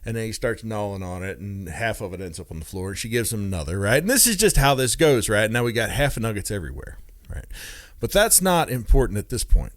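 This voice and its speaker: A man's voice: lowish voice, sing-song, fast, no room sound, studio quality. A man telling a comic anecdote in a chatty way, with wry, mock-outraged asides and constant "right?" check-ins. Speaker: comedic storyteller. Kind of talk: casual comedic anecdote.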